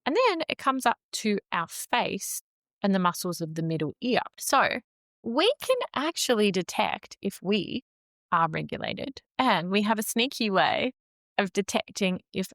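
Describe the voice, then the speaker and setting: A woman guest on a podcast, explaining the nervous system in a calm, measured, teacherly way with frequent "like" and "um". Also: mid-range voice, dry recording, clean studio sound.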